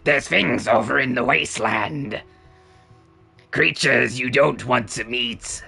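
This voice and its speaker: Brief: gravelly, husky goblin quest-giver, sharp and tense in tone, slow foreboding lines for a fan-made fantasy game mod; a man doing the voice. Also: mid-range voice, faint music behind, full character voice. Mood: ominous. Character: gruff male goblin quest-giver, ominous.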